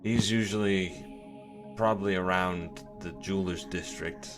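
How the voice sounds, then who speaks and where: A man voicing a grateful freed man who talks haltingly, with many pauses and fillers. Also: low-pitched, steady tone. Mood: musing. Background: background music.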